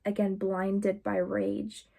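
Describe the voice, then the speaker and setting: A woman's voice: mid-range voice, completely flat delivery, takes it slowly, gravelly, dark tone. A young woman vlogger telling a personal story in a candid, confessional way, full of casual fillers.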